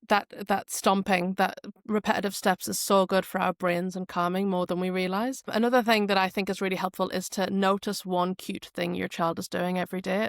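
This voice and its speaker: A woman with a Geordie accent, a speech therapist and podcast guest, talking in a chatty, lively way and telling stories. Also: medium pitch, gravelly, no room sound, clean studio sound. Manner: warm, chatty, animated storytelling. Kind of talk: casual interview chat.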